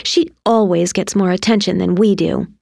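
Woman doing a shrill bratty ten-year-old girl. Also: steady tone, moderate pace, gravelly, dry recording, studio quality. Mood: sulky. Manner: shrill and shouty.

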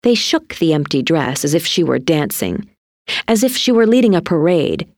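A woman reading a children's story aloud with expressive delivery. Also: no echo, studio quality. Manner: slow and highly animated.

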